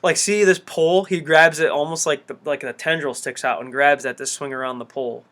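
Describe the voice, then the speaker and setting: An excitable man talks through a game trailer in loose, rambling commentary, swearing often and circling back with fillers. His voice sits a touch high for a man. A loud hiss of background noise sits under him the whole time. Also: a little fast. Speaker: gameplay trailer reactor. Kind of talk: casual reaction commentary.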